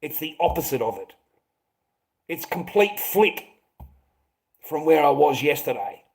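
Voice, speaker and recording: This livestream host is an Australian man whose voice is a little high, gravelly and darkish, very animated yet unhurried. In casual chat answering viewers, he hands out blunt advice, swears nonstop and calls them mate.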